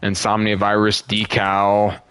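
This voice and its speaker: A man's voice: on the low side, monotone, measured pace, a bit bright, smooth. A young man streaming a zombie shooter and chatting casually with a friend, rambling, swearing freely and laughing often. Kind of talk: casual gaming chat.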